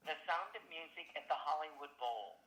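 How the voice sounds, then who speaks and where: Older woman, actress, interview, animated storyteller, bright tone, echoey room. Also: deep voice, normal speed.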